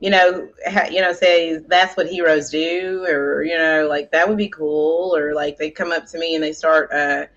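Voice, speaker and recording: A woman co-hosting a casual chat, rambling and animated with many filler words. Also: sits low, moderate pace, hardly any pauses, dull audio. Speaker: co-host.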